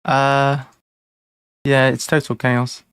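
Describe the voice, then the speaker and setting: A man's voice: mid-range voice, level tone, slow, fairly bright tone, clean tone. A man streaming a board game live, chatting casually, rambling and laughing at his own mistakes. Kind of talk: casual live-stream chat while playing.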